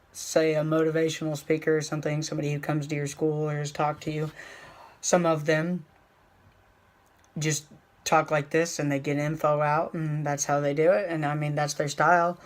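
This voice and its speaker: Young man vlogging in a flat voice. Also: on the high side. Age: young adult. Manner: rambling, with many fillers, slowing down to stress points. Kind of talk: casual motivational vlog talk.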